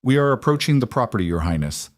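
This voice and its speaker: A man's voice: mid-range voice, very animated, quick pace, close to an everyday voice. A man reading the lines of a formal, businesslike royal bodyguard.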